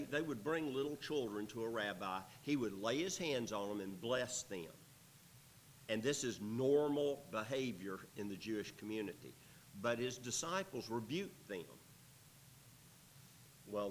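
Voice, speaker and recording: A man's voice: medium pitch, slight background noise, poor audio. A man teaching through a Bible passage, reading verses aloud and then explaining them in an easygoing, conversational way.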